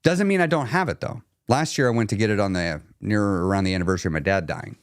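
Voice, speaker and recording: A man's voice: lowish voice, quick pace, no echo. Guy coaching people on weight loss, blunt and emphatic, says things twice, dry close sound. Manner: blunt, emphatic, repeats key phrases. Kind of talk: live coaching stream reading chat.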